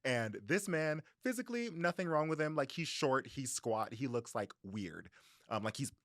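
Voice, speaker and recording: A young man telling a story in a book podcast, his pitch jumping all over as he gets into it. He has a mid-range voice, recorded close and dry with no room sound. He slips into quick voices for the people in the story. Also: no room sound. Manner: animated storytelling with voices and laughs. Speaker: podcast co-host. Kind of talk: casual book-club chat.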